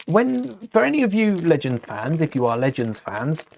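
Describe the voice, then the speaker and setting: A man's voice: fairly high pitch, very animated, moderate pace, gravelly, darkish tone. A young man hosting a casual live stream, chatting and thinking aloud while building, often correcting himself mid-sentence.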